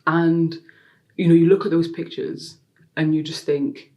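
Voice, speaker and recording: A woman talks as an interview guest in a loose, conversational way. She leans on fillers constantly and slips into animated impressions of the people she quotes. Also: low voice, a little slow. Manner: chatty, heavy use of "like" fillers; animated storyteller, acts out quotes.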